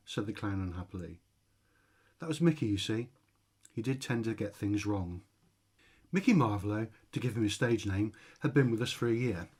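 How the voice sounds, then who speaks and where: A man's voice: fairly low pitch, normal speed, breathy edge. A man reading his own short comic story aloud, with a dry, wry delivery. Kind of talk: storytelling narration.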